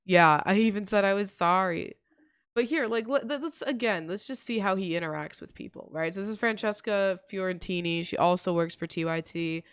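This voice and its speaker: Blunt, profane woman, crisp voice. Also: medium pitch, brisk, dry recording, studio quality. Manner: blunt and profane, gets heated. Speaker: reaction video host. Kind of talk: casual commentary, reading messages aloud.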